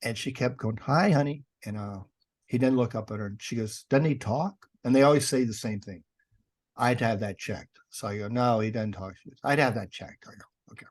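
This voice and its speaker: A man's voice: medium pitch, brisk. Middle-aged man telling wry anecdotes. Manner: wry and sarcastic, acts out dialogue in his anecdotes. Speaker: guest, paranormal investigator and author. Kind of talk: casual storytelling.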